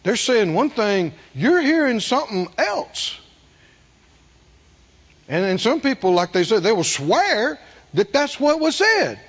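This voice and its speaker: A middle-aged man preaching a sermon, folksy and animated, asking the congregation questions. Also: very high voice, slow pace, slightly rough, dull audio. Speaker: pastor.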